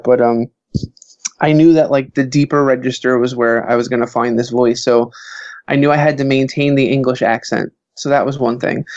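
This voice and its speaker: A man sits in as a podcast guest and tells his stories eagerly, with plenty of "like" and "um". His voice sits at a middle pitch. The recording is dry and a little dull. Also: dry recording. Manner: animated storyteller, full of filler words. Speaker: podcast guest, author and professor. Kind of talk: casual interview chat.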